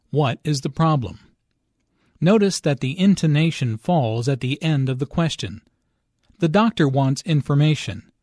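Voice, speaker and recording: A man reads an English lesson script, each word spoken slowly and clearly. His voice sits a little high, and the recording is dry and close with no room sound. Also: dry recording. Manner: slow, clear, even delivery. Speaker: English teacher.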